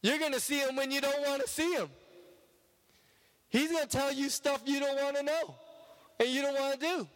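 A man preaching a sermon, emphatic, rising in force and then dropping to a hushed low voice. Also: steady tone, normal speed, pauses often. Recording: long hall reverb.

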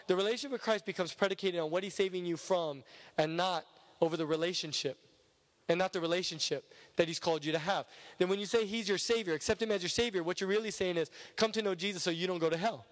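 A man preaching a sermon, emphatic, rising in force and then dropping to a hushed low voice. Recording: long hall reverb.

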